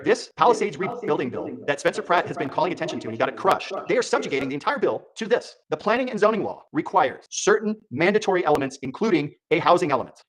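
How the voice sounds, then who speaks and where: A man talks through news clips in a heated, scornful way. His voice sits a little high and swings widely, jumping up and down in pitch as he argues. He keeps pushing his point hard. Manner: heated, scornful, mocks others in put-on voices. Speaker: commentary host. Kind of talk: political commentary reacting to clips.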